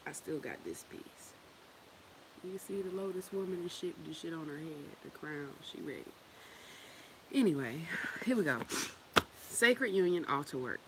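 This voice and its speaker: A woman with a low voice, heard over a noisy background, gives a casual spiritual talk to her viewers as a spiritual teacher. She is loose and profane, laughs frequently, and repeats phrases for emphasis.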